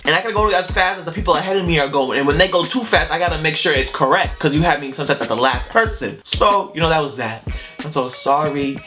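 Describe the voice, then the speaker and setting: A young man casually telling a personal story in an animated, emphatic, slangy way. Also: on the high side, fast talker, soft background music. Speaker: vlogger.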